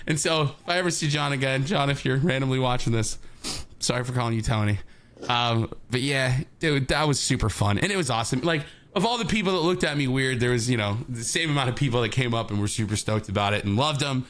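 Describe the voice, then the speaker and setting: A man co-hosting a podcast, telling a long story in an animated way and acting out other people's lines. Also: medium pitch, fast talker. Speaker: podcast co-host.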